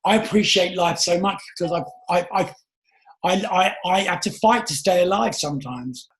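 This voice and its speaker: Earnest high-voiced man in a roomy space. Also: moderate pace, fairly bright tone. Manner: earnest, emphatic, often asks "do you get what I'm saying". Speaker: podcast host. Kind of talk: casual interview talk.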